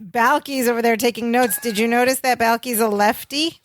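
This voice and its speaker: A woman's voice: a little high, fairly even intonation, moderate pace, slight background noise. A woman co-hosting a podcast, chatting casually through a sitcom recap, laughing along and using many filler words. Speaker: podcast co-host.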